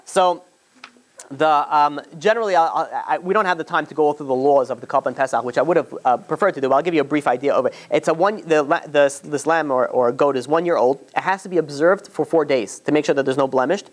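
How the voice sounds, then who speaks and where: Chatty rabbi teaching a class. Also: male voice, on the high side, fast. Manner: chatty, with frequent restarts and "you know"s, acts out quotes. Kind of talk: informal storytelling lecture.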